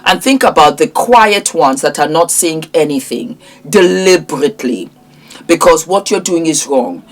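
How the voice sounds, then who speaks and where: A woman's voice: sits low, expressive, moderate pace. A middle-aged woman, giving impassioned, preachy commentary as a vlogger and scolding a man directly. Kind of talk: impassioned social media commentary.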